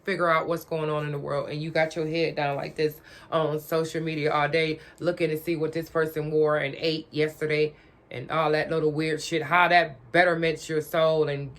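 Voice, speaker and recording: A woman giving a blunt, profane, lecturing rant straight to her audience, repeating her questions for emphasis. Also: sits low. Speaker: vlogger. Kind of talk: direct-to-camera rant.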